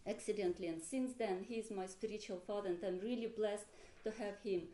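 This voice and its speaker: Animated woman telling a story in an echoey hall. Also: mid-range voice, a little fast. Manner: animated, laughing, acts out quoted voices. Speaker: seminar participant sharing a story. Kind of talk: casual storytelling to a group. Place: monastery hall with a group present. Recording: echoey room, faint background noise.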